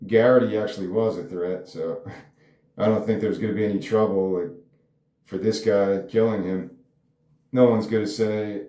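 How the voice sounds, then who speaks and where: A man's voice: lowish voice, fairly even intonation, normal speed, dark tone. A man casually talking through his own screenplay, musing aloud and rambling with frequent hedges. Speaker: screenwriter discussing his script. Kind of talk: casual solo commentary. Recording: echoey room.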